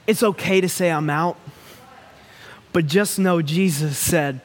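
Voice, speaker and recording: A male preacher delivers a sermon in a slow, deliberate cadence, leaning into long pauses. His voice sits a little high for a man, and his tone is earnest and pleading. The sound rings with the long reverb of a large hall. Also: slight background noise.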